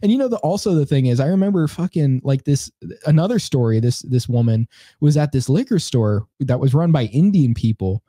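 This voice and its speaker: A young man rambles through a story on a casual comedy podcast, full of fillers and restarts. His voice has a mellow, darker tone at middle pitch. The recording is dry and close. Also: expressive, a little fast, no echo. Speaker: podcast co-host.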